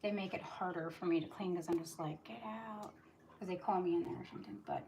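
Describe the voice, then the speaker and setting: A woman's voice: lowish voice, steady tone, muffled recording, very noisy. A talkative woman in her forties, rambling through a casual livestream chat while she does dishes and cleans. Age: 40s. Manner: talkative, rambling, fast-talking. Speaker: livestream host.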